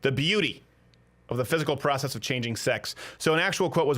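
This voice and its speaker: A male host riffing in casual comedic chat, sarcastic and mocking. His voice sits high and swings widely in pitch. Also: expressive, sharp tone. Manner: sarcastic, mocking, quick jokey asides. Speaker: comedy talk show host.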